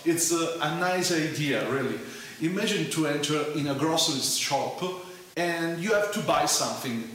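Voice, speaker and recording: A man's voice: a little high, lively intonation, a bit bright. A man from Italy with an Italian accent, a church founder playfully teaching a phrase in a recorded video greeting. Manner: playful, teacherly, slow repetition. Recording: very echoey room with faint hiss.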